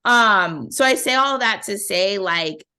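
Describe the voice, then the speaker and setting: A woman hosts a podcast in a relaxed, encouraging way. She talks casually and chattily, with plenty of "like" as she leads into questions. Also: medium pitch, slow, clean tone. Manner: chatty and encouraging, many "like" fillers. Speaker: podcast host. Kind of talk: casual interview chat.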